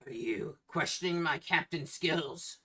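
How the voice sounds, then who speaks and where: A game master voicing a gruff male ship captain with an iron jaw, speaking a little higher and louder than when narrating. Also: unhurried.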